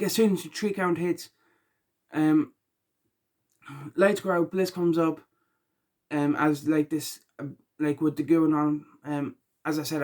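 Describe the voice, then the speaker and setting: A tired man talking casually through his reactions, rambling with lots of ums and likes, and rising loud and high when he gets annoyed. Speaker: wrestling reaction vlogger. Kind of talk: casual spoken reaction vlog.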